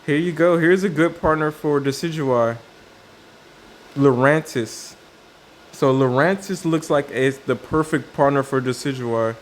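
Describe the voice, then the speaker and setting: A man's voice: fairly high pitch, unhurried, a little hiss or hum. Man thinking aloud over new cards. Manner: thinking aloud with many fillers and restarts. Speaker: card game video creator. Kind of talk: casual commentary on card reviews.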